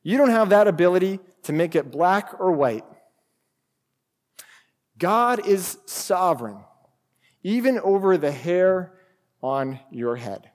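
Slow, reverberant preaching man. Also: high-pitched, expressive, darkish tone. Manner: deliberate preaching with emphatic rhetorical questions. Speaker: pastor. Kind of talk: sermon.

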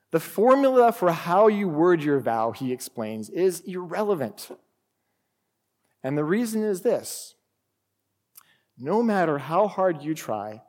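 A man delivers a sermon at an unhurried, deliberate pace in a slightly raised voice. He presses his points with emphatic rhetorical questions. His words ring out with the long reverb of a large hall. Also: fairly high pitch, darkish tone. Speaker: pastor.

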